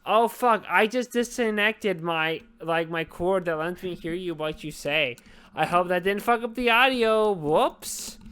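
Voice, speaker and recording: A woman's voice: fairly low pitch, a little slow, a bit bright, clear, resonant tone. A drunk woman hosting a casual podcast chat, rambling, swearing and apologizing over and over. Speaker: podcast host.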